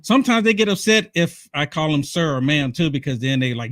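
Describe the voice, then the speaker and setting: A man talking as a guest in a casual political chat, earnest and measured. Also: fairly high pitch, a bit bright, no echo, studio quality.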